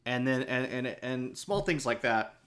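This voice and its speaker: A man's voice: medium pitch, lively intonation, moderate pace, a bit bright. A man co-hosting a podcast, talking casually and knowledgeably about films, with many restarts. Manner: knowledgeable, full of restarts and fillers. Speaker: podcast co-host. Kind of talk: casual movie discussion.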